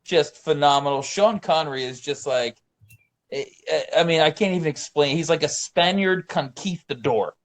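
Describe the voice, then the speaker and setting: A man's voice: a little high, normal speed. A man co-hosting a casual movie podcast, enthusiastic and slangy, calling people dude and bro and reaching for sports metaphors. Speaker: podcast co-host.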